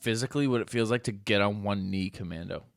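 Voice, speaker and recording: A young man co-hosting a podcast, retelling a story in a casual way and acting out loud outbursts. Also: fairly low pitch, fast, creaky, dry recording. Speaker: podcast co-host.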